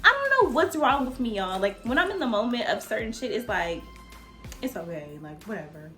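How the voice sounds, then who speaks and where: A woman nail technician telling a casual storytime, animated and profane, talking straight to her viewers as "y'all.". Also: mid-range voice, brisk, faint music behind. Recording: echoey room.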